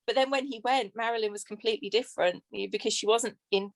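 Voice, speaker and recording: A woman's voice: fairly high pitch, quick pace, creaky, no room sound. A woman author with an English accent, chatting casually on a podcast and laughing often. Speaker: author guest.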